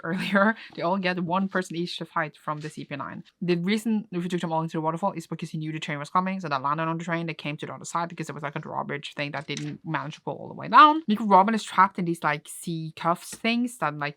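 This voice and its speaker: A woman's voice: low-pitched, fairly bright tone, dry recording. A young woman chatting casually as she recaps a comic she is reading, laughing often and filling with "like". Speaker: reading vlogger.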